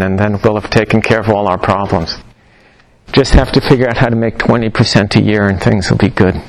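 A man's voice: mid-range voice, poor audio. A middle-aged man teaching a class on Chinese medicine, talking informally, with wry humor and digressions. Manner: chatty storytelling with asides and wry humor.

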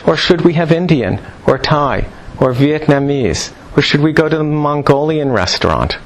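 Animated man lecturing to a room. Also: a little high, moderate pace, low-quality recording. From New York. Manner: animated, jokey, rhetorical questions. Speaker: lecturer on Chinese medicine. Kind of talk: live lecture to practitioners.

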